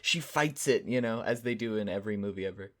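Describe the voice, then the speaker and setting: A man's voice: fairly low pitch, fast talker. A man co-hosting a casual movie review podcast, recapping the plot in a laid-back, dry way. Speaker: podcast co-host. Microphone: edits the recording himself.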